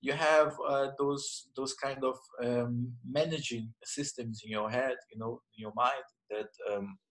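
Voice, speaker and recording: A man in his thirties, a martial arts instructor, answering interview questions in a reflective, halting way with many restarts. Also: medium pitch, fairly even intonation, poor audio. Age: 30s.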